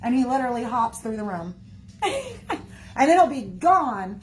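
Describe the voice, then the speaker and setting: A woman's voice: a little high, lively intonation, unhurried, a little mellow, faint music behind. A woman chatting casually to her viewers in a rambling way, full of fillers and "y'all". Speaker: livestreamer talking to viewers. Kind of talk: casual chat.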